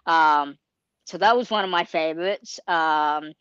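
Young woman, actor in interview, earnest, rambling with fillers; smooth, lowish voice, slightly muffled recording. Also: measured pace, a bit bright, no echo. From Australia. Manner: earnest, heavy on fillers like um, like and you know. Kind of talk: casual anecdote telling. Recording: slightly dull lo-fi sound.

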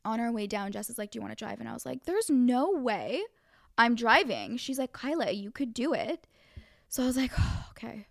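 A young woman co-hosting a podcast, telling a story in a lively, animated way with lots of "like.". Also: a little high, fast talker, vocal fry, dry recording, studio quality. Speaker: podcast co-host. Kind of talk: casual chat.

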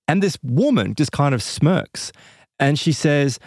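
A man hosts a casual podcast chat, retelling a story in an animated way and dotting it with fillers and asides. His voice sits at an ordinary middle pitch. The recording is close and completely dry, with no room sound. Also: moderate pace, husky, no echo.

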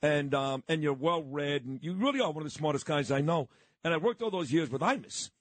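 A man's voice: on the high side, animated, brisk, no echo. A middle-aged man hosting talk radio, brash and teasing, swearing freely and cutting in on his guest. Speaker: radio host.

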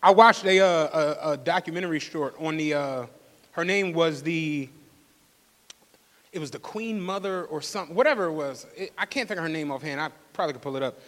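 A man, co-hosting a live podcast and telling animated, laughing stories before an audience. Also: a little high, brisk. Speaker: podcast co-host. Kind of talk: casual storytelling on a live podcast. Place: studio venue with a live audience. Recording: long reverb of a live venue.

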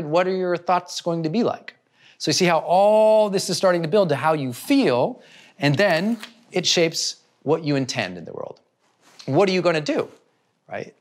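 A man giving a motivational self-help talk, speaking in an animated way and acting out people's inner thoughts. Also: on the high side.

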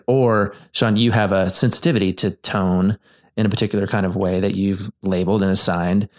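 A man co-hosting a podcast as a therapist, telling stories animatedly and acting out what people say. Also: on the low side. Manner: animated storyteller, acts out quoted lines. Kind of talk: casual podcast chat.

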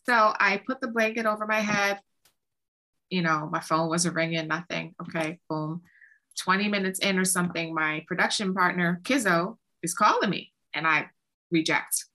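Woman songwriter guest, bright voice, chatty storytelling w lots of "like", acts out conversations. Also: lowish voice, moderate pace. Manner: animated, acts out quoted exchanges with lots of "like". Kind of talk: casual interview storytelling.

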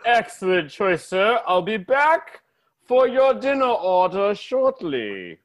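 A man's voice: high voice, big pitch swings, slow pace, heavily acted. A man voicing a stiff, overly formal young trainee waiter in an improvised comedy sketch, who keeps calling the customer sir.

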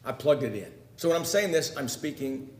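A man preaching a sermon, putting direct questions to his listeners and swinging between loud emphasis and hushed, quiet lines. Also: mid-range voice, expressive, fairly quick, reverberant.

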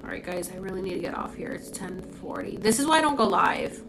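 Streaming live from her phone at home, a young woman chats casually but talks firmly, lecturing and repeating her points. Her mid-range voice is expressive and brisk, with background noise in the recording.

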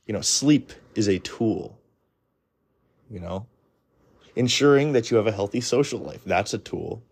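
A man's voice: lowish voice, lively intonation, measured pace, breathy edge. A man giving a blunt, rambling monologue of advice, full of restarts and fillers. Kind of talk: casual opinionated monologue.

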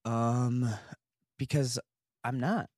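A man's voice: medium pitch, fairly even intonation, very slow, darkish tone, no room sound, studio quality. A man co-hosting a podcast, chatting casually and playfully, thinking aloud and laughing easily. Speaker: podcast co-host. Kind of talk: casual chat.

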